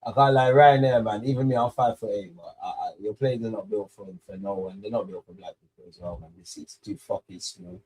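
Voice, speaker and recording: A man's voice: on the low side, fairly even intonation, brisk, few pauses, darkish tone, slightly rough. Slangy man in his thirties. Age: 30s. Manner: rambling, slangy banter. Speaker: watch-along streamer. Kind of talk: casual live football watch-along commentary.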